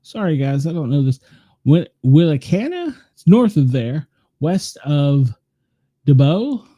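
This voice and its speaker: With a Tennessee Southern accent, a show host rambles through live weather radar, thinking out loud as he clicks and making fun of himself. His fairly high, mellow voice is very animated yet a little slow, recorded in studio quality with no echo.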